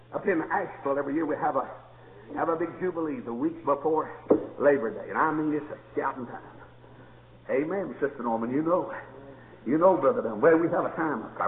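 A man preaching a sermon, telling stories and rising into shouted praise. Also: a little high, brisk. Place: church. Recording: echoey hall, tinny lo-fi sound.

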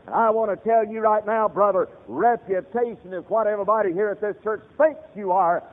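Fiery high-voiced preacher on radio. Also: male voice, a little fast, few pauses, in a large hall. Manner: fiery, storytelling, direct address to the congregation. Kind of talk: sermon. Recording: tinny radio broadcast.

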